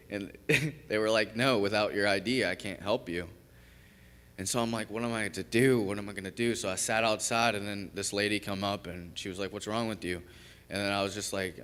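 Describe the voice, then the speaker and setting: A man's voice: lowish voice, a bit bright, smooth. Young man telling his story in a church. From Kentucky. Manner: candid, conversational storytelling with frequent fillers and self-interruptions. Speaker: recovery program graduate giving testimony. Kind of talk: personal testimony in a church service. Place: church sanctuary. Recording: long reverb of a large church.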